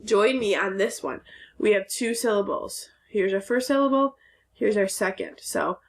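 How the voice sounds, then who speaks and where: A woman's voice: medium pitch, normal speed. A woman teacher giving a recorded phonics lesson to second graders, sounding out letters and syllables carefully.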